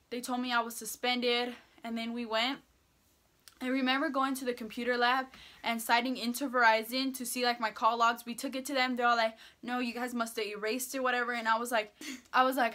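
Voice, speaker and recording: Bright-voiced teen girl telling a story. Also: fairly high pitch. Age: teens. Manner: animated storytelling, quoting herself and others, casual swearing. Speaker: vlogger. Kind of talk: story time vlog. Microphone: phone or camera mic.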